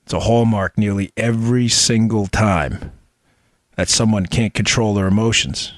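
A man's voice: on the low side, moderate pace, no echo. A middle-aged man hosting a political podcast, delivering an impassioned, emphatic commentary monologue full of rhetorical questions, close on the mic. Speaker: podcast host.

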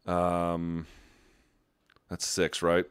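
A man hosting a podcast, telling stories and chatting casually with a rambling, profane, animated delivery. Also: deep voice, very slow, smooth. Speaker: podcast host. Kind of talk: casual chat and storytelling.

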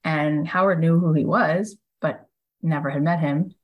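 A woman with a low, deep voice hosts her own show and tells a story in a loose, chatty way. She jumps into the voices of the people in the story and fills her speech with "like" and "he goes.". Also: a little slow, breathy edge, highs cut off. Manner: lively storyteller who acts out quoted speakers; casual, with frequent "like" and "he goes". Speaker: podcast host. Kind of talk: storytelling monologue.

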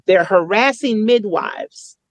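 Woman guest with a mid-range voice who tells lively stories and jumps into voices for people she quotes. Dry, close sound. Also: medium pitch, slow, no room sound. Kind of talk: conversational storytelling.

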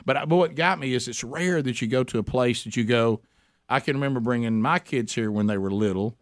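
A middle-aged man hosting a radio talk show, telling a rambling story full of restarts and animated asides. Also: medium pitch, a little fast, no room sound, clean studio sound. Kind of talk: casual storytelling chat.

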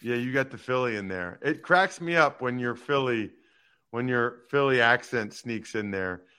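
A man hosting a sports talk show, giving emphatic, animated opinions on football news and teasing his co-host. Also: mid-range voice, normal speed, clear, resonant tone.

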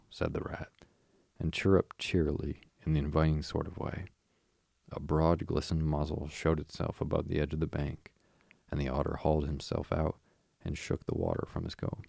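A man narrating a storybook in a steady, unhurried way, with a gravelly voice. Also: extremely low pitch, no echo, studio quality. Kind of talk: audiobook narration.

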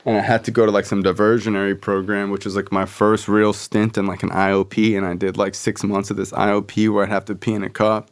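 A young man hosts a podcast and tells his own story in a casual, profane flow. His voice sits low and comes through smooth and clear. He slips into the voices of the people in the story as he quotes them. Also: little pitch movement, fast talker, hardly any pauses. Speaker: podcast host.

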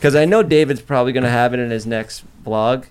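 A brash man holds forth on a podcast, swearing constantly and bragging about everything he has going on. His voice sits in an ordinary middle pitch, loose and conversational throughout. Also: fast talker, a little mellow, clean tone. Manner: brash, profane and boastful. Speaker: podcast host. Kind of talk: casual podcast chat.

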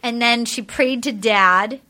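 Bright-voiced chatty woman co-host. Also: fairly high pitch, slow pace. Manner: chatty, quoting others, many fillers. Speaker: podcast co-host. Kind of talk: casual podcast chat, recapping a show.

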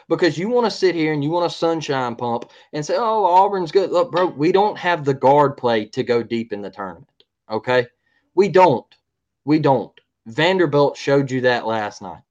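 A man rants through a sports podcast recap. He keeps circling back to the same point and punches his lines with "all right?" His voice sits a bit high for a man. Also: lo-fi sound. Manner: heated, repetitive, keeps asking "all right?". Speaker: podcast co-host.

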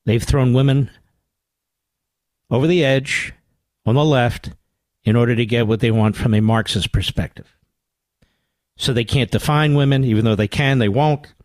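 A darkish-toned older man, host of a political radio talk show, speaks at normal speed with long pauses. Combative and sarcastically mocking, he veers from low growls up to high exclamations, recorded dry on a studio microphone.

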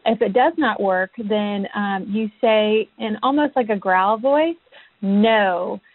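A woman's voice: medium pitch, measured pace, no echo. A woman caller leaving a voicemail, matter-of-fact and full of ums. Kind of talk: voicemail message. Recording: tinny phone line.

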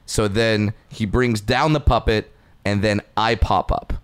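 Guy on a podcast telling a story, smooth voice, jumps into little voices for people. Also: lowish voice, a little slow, no echo. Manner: animated, acts out voices in quotes. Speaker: podcast host and puppeteer. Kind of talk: casual storytelling chat.

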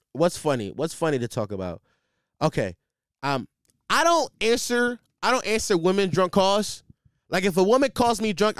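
A man's voice: on the high side, smooth, no echo, clean studio sound. A man hosting a podcast, riffing casually and comically, rambling with lots of fillers and restarts. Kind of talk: casual comedic monologue.

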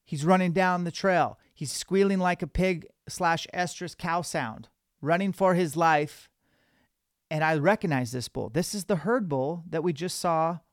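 A man hosting a podcast, telling a hunting story in an animated, casual way. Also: on the high side, clear, resonant tone, no echo, studio quality. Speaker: podcast host.

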